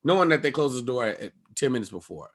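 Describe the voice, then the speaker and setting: A male stand-up comedian telling a profane story on a podcast, acting out everyone's lines with sudden leaps in pitch and volume. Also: big pitch swings, fast talker. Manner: profane, acts out people's lines with big jumps in pitch and loudness.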